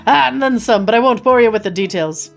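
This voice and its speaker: Picture a blunt, hearty little engineer with a thick Scottish brogue, his voice sitting fairly high as a woman puts him on. Faint music plays under the game dialogue. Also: fairly quick, vocal fry. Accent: put-on Scottish. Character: small gruff male engineer with a put-on Scottish brogue.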